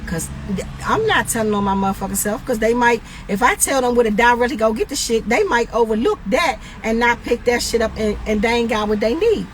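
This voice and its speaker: A woman's voice: a little high, brisk, few pauses, a little hiss or hum, low-quality recording. Blunt, profane middle-aged woman. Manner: blunt, profane, animated retelling with quoted dialogue. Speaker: livestreamer. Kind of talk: casual storytelling on a livestream.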